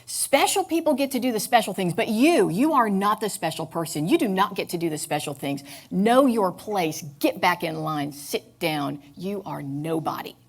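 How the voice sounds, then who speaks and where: A woman's voice: mid-range voice, expressive, moderate pace, few pauses, husky. Woman playing a barking inner border guard. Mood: harsh. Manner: barking curt commands. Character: stern shouting border guard in her head.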